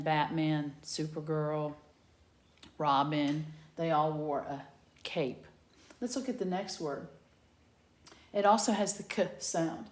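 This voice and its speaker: A woman teacher giving a patient phonics lesson to young children from her home garage, sounding out letters slowly. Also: lowish voice, roomy sound.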